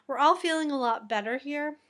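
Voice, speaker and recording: A woman chats about her knitting in a bright, forward voice that sits a little high. She rambles, goes off on tangents and pokes fun at her own slip-ups. She sounds tired as she talks from home. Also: fairly quick. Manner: chatty and rambling, going off on tangents; self-deprecating, laughing at her own mistakes. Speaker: knitting vlog host. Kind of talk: casual chat. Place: at home with a cat on her lap.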